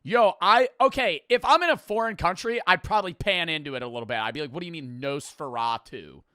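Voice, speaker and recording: A man streaming, reacting to a quiz video in loud, profane, joking casual commentary. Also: sits high, lively intonation, quick pace, clear, resonant tone, dry recording.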